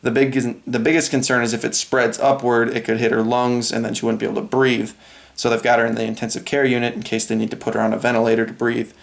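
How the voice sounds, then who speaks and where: A man's voice: medium pitch, completely flat delivery, quick pace, vocal fry. Young man vlogging, telling a story. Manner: rambling, retelling a phone call and quoting others. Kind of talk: casual vlog storytelling.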